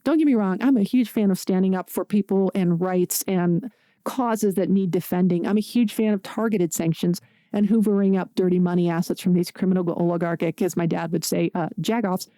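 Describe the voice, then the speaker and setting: Woman from pittsburgh doing her podcast solo, chatty and jokey, mellow voice, dry close mic. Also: lowish voice, fairly even intonation, fairly quick, dry recording. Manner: chatty, conversational, jokey asides. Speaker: podcast host.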